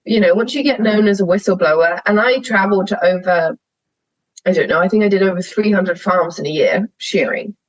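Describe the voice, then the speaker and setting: Speaking a little fast in a medium-pitched voice, a young sheep shearer gives a candid conversational podcast interview as a guest, telling stories frankly and animatedly with frequent laughter. The audio sounds dull, with no room sound.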